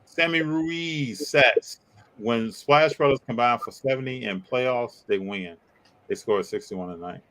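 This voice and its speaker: A man's voice: measured pace, rough recording. Man, live-stream co-host, casual and teasing, mid-range voice. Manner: animated, teasing, pitch jumps up when joking. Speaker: co-host reading live chat.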